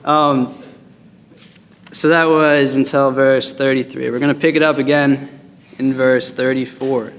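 A man's voice: mid-range voice, level tone, unhurried, fairly bright tone. Chatty man teaching Bible, hall echo. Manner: chatty and joking, with fillers. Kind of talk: casual Bible study teaching. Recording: long hall reverb.

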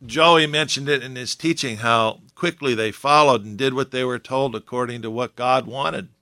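A man's voice: medium pitch, moderate pace, sharp tone. A man preaching a sermon in a conversational way, with joking asides to his listeners. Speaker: pastor.

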